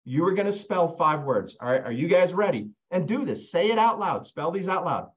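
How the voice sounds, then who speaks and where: A man's voice: high voice, big pitch swings, moderate pace. Man coaching over dull webinar audio. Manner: conversational, keeps asking "right?", repeats words when restarting. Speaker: real estate sales trainer. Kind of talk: live online coaching session.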